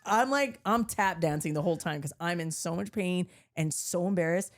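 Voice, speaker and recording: A woman's voice: on the low side, normal speed. A woman podcast host telling a story in casual chat, laughing often and swearing freely as she acts out the other people in it. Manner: animated, laughing, swearing freely, acting out voices.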